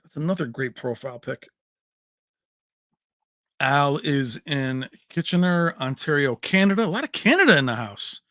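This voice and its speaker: A man hosts a relaxed livestream, reading viewer comments aloud in a chatty, joking way. His voice sits a little high and sounds bright and forward. The sound is close and dry, with no room echo. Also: normal speed. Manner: chatty, reads names and places aloud, jokey. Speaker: livestream host.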